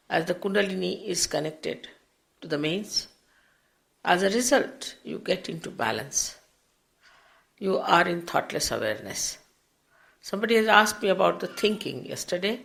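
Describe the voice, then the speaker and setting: An older woman, a spiritual teacher, giving an unhurried, explanatory public lecture with big swings in pitch and loudness. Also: creaky. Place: public program before an audience.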